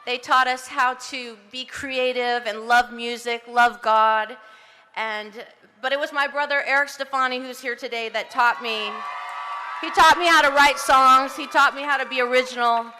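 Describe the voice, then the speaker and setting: Bright, gushing woman at a ceremony podium. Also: high-pitched, steady tone, moderate pace, slight background noise. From Southern California. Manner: breathless, giggly, gushing with frequent laughs. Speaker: honoree giving acceptance speech. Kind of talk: emotional outdoor acceptance speech. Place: outdoor ceremony on a public street. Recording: PA speech with long street echo.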